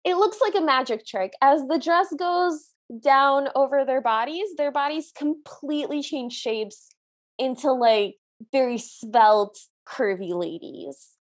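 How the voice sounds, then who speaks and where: A woman's voice: high-pitched, a little slow. A woman co-hosting a podcast, chatting and describing scenes from an old cartoon. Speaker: podcast co-host. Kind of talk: casual chat reviewing a cartoon.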